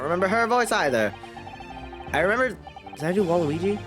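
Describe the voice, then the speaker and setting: A man's voice: mid-range voice, lively intonation, fast, over music. Loose, swearing male streamer. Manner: loose, swearing, self-mocking. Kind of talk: casual gameplay chat.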